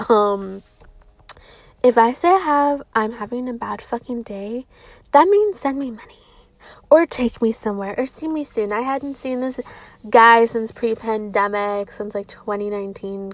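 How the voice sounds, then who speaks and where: A woman's voice: fairly high pitch, normal speed, creaky, dry recording. A young woman vlogging, rambling through a confessional story with plenty of swearing and "like". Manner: rambling, profane, heavy use of "like".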